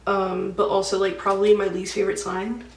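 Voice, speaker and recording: A woman's voice: medium pitch, little pitch movement, brisk, far from the mic, a little hiss or hum. A young woman vlogger chatting casually about her dreams while doing her makeup, full of "like" and slang. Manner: chatty, heavy use of "like", slangy. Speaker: beauty vlogger. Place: indoors at home, getting ready. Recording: echoey room, voice somewhat off-mic.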